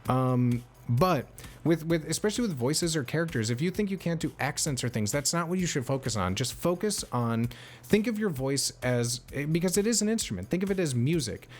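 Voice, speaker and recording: A man's voice: on the high side, animated, normal speed. Rambling, enthusiastic young male streamer. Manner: rambling, enthusiastic, swears freely. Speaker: streamer and game master. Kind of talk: casual live-stream chat, answering chat.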